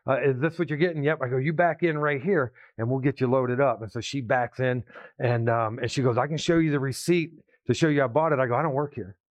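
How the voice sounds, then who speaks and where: A man's voice: medium pitch, fairly even intonation, brisk, no echo. A man preaching, telling a story in a conversational way and acting out the quotes. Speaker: pastor. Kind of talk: sermon story.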